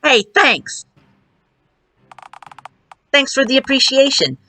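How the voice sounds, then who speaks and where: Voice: sits high, sing-song, takes it slowly, bright, forceful tone, pitched above the performer's own voice, full character voice. A streamer voicing a pair of dimwitted small-time crooks with a slangy tough-guy drawl, reading game dialogue live. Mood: scheming.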